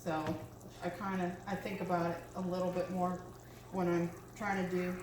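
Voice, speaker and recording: In her home kitchen, a woman who vlogs about cooking keeps up casual chatter packed with ums and asides. Her fairly low voice holds a level tone at an ordinary pace. Loud noise fills the roomy space around her.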